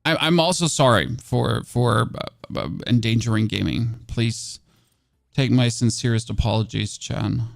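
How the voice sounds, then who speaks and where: German male streamer, chatty and self-mocking, mid-pitched voice, dry close sound, lots of uh and restarts. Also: unhurried, gravelly, dry recording. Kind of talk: casual gameplay commentary with chat.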